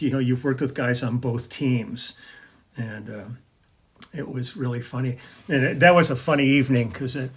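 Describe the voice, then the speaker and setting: An older man talking casually to his viewers, telling rambling stories full of fillers and restarts. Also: mid-range voice. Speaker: session bassist and video host. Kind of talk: casual chat to camera.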